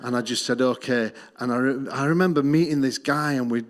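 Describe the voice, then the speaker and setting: Earnest Australian man giving church testimony. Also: fairly quick. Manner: earnest storytelling, dropping low and soft on key lines. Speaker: missions speaker.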